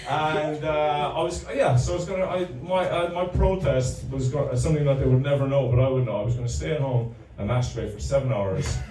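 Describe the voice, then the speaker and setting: A man doing a rambling, profane stand-up comedy set, stalling often with halting fillers. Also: medium pitch, warm tone, faint music behind. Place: comedy club room. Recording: echoey room, distant mic, faint ambience.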